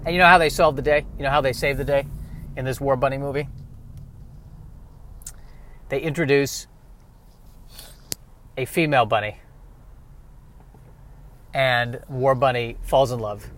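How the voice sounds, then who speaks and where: A man's voice: mid-range voice, a little slow, long pauses, a little hiss or hum. Man riffing through a silly monologue. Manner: self-mocking, riffing, jumps between hush and bursts. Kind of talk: rambling comedic monologue.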